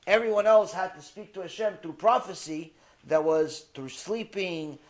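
A man delivering a religious ethics lecture, telling stories in an animated way and mixing in Hebrew terms. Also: sits high, normal speed. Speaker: Torah lecturer.

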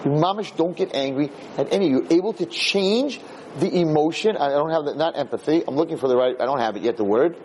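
A man, a rabbi, giving an informal Torah class, animated and rambling as he searches aloud for the right word. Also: a little high, fairly quick, a little hiss or hum, low-quality recording.

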